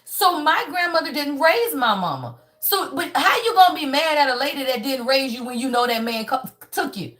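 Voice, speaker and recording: A high-pitched woman gives a live tarot reading. She is blunt and profane, preaches at her viewers, and keeps coming back to "y'all" and "right?" as she talks. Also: expressive, normal speed, hardly any pauses, a bit bright. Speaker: tarot reader. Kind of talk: live spiritual reading, casual chat.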